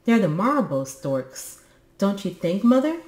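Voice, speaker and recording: A woman voicing a small, eager young male troll in a storybook reading, excited and raised in pitch. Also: a little slow, roomy sound. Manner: excited, high and loud.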